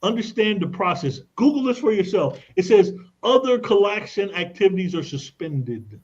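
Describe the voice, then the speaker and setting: Male radio guest expert with a high-pitched voice; pushy, persuasive delivery peppered with slang, heard on a muffled broadcast. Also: big pitch swings, normal speed, darkish tone. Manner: emphatic, persuasive, casual slang. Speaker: credit and tax expert guest. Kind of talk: radio talk show guest explaining. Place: radio studio.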